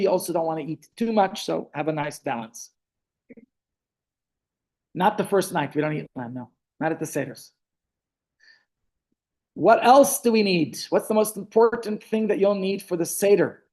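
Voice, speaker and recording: A man, a rabbi telling stories in a relaxed class held over a video call, often stopping to restart his sentences. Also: on the high side, moderate pace, pauses often. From South Africa. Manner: chatty storytelling, frequent restarts. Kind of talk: online Torah class.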